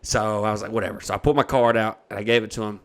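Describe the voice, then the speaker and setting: This young podcast host delivers a lengthy comic tale casually and profanely, playing out each quoted person with animation. His pitch is fairly low and he speaks very fast.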